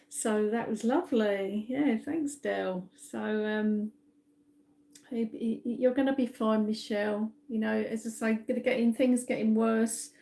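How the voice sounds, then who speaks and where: Medium lady on a live stream, kinda high but mellow voice, soothing, keeps saying all right. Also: vocal fry. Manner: reassuring, repeats "all right?" often. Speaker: psychic medium.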